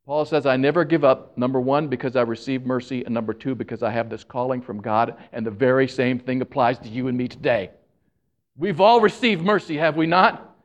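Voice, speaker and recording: A man preaching a sermon, animated and joking with the congregation, who admits he talks fast when excited. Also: mid-range voice. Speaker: pastor.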